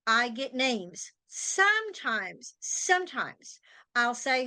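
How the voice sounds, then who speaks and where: A woman with a somewhat high voice chats casually as a psychic host and tells stories about her readings. She is a chatty storyteller who acts out the people she quotes. The sound is dry and close, with no room echo. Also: unhurried, a bit bright. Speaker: psychic and tarot teacher, podcast host. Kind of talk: casual interview chat.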